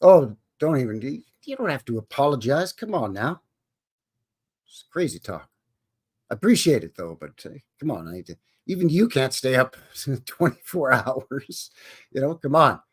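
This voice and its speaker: A man's voice: mid-range voice, sing-song, normal speed, slightly rough. A middle-aged man with a Western Canadian accent, hosting a casual live stream and greeting viewers in a folksy way.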